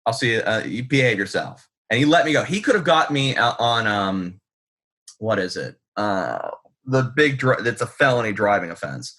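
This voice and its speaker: A man's voice: fairly low pitch, big pitch swings, normal speed, bright, forceful tone. A man, a guest author telling stories in a rambling, profane, self-deprecating way full of ums. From United States. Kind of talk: casual storytelling in an interview.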